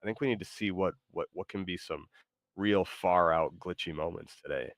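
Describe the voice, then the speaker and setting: A man hosting a livestream, excitable and rambling, with sudden loud bursts. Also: low voice, normal speed, no room sound, studio quality. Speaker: streamer host. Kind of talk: casual livestream chat.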